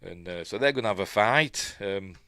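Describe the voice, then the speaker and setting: A middle-aged man with a Yorkshire accent talks through a film in casual commentary, full of fillers, restarts and little chuckles. His voice sits a little low. The sound is dry and close. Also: lively intonation, normal speed, bright, forceful tone, clean tone, no room sound. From Yorkshire, England. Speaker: film reviewer.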